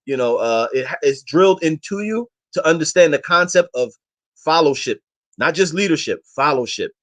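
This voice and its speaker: Fast-talking, impassioned man. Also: a little high, expressive, fairly bright tone. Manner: impassioned, exhorting his listeners; slangy and emphatic. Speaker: guest. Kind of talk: casual interview talk.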